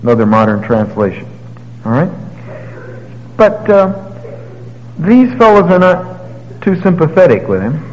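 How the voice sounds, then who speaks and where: A man preaching a sermon, telling the story with lively paraphrases and moving between loud, emphatic passages and quiet, low ones. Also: measured pace, long pauses. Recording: long hall reverb.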